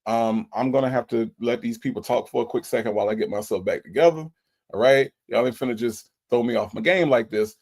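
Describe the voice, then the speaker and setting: A man's voice: mid-range voice, darkish tone. A man hosting a livestream, thanking viewers over and over in an emotional, repetitive, casual way. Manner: emotional, repeats himself, laughs, drawls. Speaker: livestream host.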